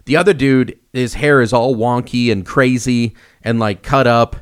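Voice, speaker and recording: A young man co-hosting a casual podcast, telling stories with lively swings and acting out the voices in them. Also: medium pitch, moderate pace, smooth. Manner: animated storyteller, acts out quoted voices. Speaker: podcast co-host.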